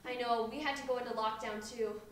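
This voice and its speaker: A woman's voice: fairly high pitch, fairly even intonation, quick pace, a bit bright, natural voice. A woman acting as a yoga studio worker in live improv theatre. She is chatty and apologetic and stumbles over her words. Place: theatre stage. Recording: very echoey live theatre from far off, faint room noise.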